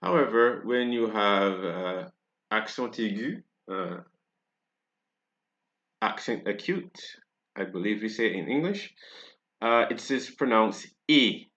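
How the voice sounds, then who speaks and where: A Barbadian man talks slowly and carefully through a French pronunciation lesson, often stopping to ask "right?". His voice sits low, and the recording sounds dull and lo-fi. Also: expressive, fairly bright tone. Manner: unhurried, checks in with "right?" after each point. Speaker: French teacher.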